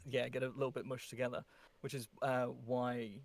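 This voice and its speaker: British guy with a gravelly voice, chatting about voice work, gives lots of examples. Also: mid-range voice, little pitch movement, normal speed, dry recording. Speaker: voice actor, guest. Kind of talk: casual chat.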